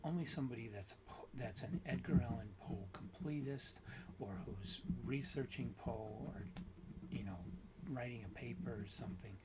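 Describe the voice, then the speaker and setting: A man hosting a book video, giving an unhurried, critical review with frequent restarts and fillers. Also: medium pitch, heavy background noise.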